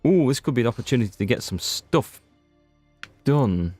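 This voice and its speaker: This Northern Irish streamer rambles through let's-play commentary in a chatty, self-interrupting way, with faint game music behind him. His mid-range voice is expressive and somewhat dark, delivered at a moderate pace with no room sound.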